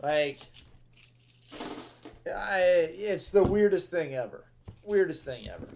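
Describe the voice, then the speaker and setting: A man hosting a live coin-hunting stream and chatting casually with viewers. He talks in an excitable, slangy way, with loud bursts of cheer between easygoing chatter. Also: sits high, slow pace, gravelly, slight background noise.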